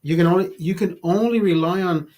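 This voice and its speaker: A man's voice: sits high, fairly quick, a little mellow. A man telling a raunchy story in a casual monologue, profane and rambling, often restarting his sentences and amused by himself. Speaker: vlogger.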